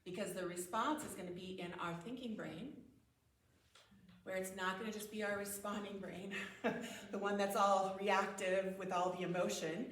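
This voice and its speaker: In a church hall, a woman speaks at a parenting conference in a medium-pitched voice with fairly even intonation and a moderate pace. Her talk is conversational, often acting out example phrases and laughing. The distant mic picks up echo and a little hiss or hum.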